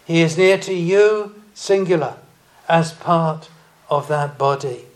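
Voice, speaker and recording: A man preaching a sermon, speaking deliberately and rising in emphasis on key phrases. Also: on the high side.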